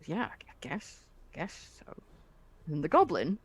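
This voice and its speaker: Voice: medium pitch, sing-song, slow pace, long pauses, husky, dry recording. Chatty game master narrating a tabletop game, laughing along. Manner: chatty, laughs between lines.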